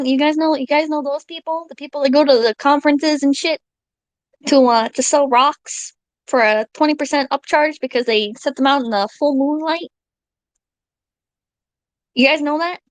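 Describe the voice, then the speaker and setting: High-pitched lady streamer rambling to chat, swearing and getting all worked up, super dry audio. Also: no room sound, rough recording. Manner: excitable, profane, rambling. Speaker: live streamer. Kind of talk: casual live-stream chat.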